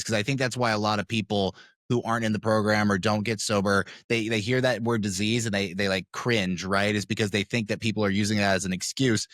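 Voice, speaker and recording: Male podcast host, low voice, dry close sound, reflective and thinking aloud. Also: steady tone, fairly quick, a bit bright, dry recording. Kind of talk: conversational interview.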